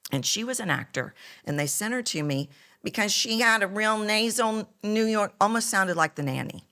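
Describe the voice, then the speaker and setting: A woman voice coach talking as a podcast guest, animated, telling stories and acting out other people's voices. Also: mid-range voice, moderate pace. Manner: animated storyteller, acts out voices. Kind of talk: conversational podcast interview.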